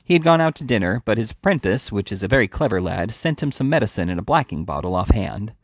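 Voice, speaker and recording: Blustering beadle, indignant, loud, pompous, man voicing it, storybook, dry recording. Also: fairly low pitch, sing-song, fast, no room sound. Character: pompous, corpulent male parish beadle, indignant.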